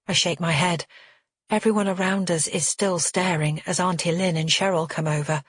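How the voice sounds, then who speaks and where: A woman with a low, husky voice narrates a first-person thriller audiobook. Her reading is even and measured. The recording is close and dry, with no room echo.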